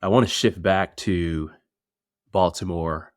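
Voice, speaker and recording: Male co-host, former player, very low voice, relaxed conversational delivery, dry close mic. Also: slow pace, dry recording. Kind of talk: casual chat.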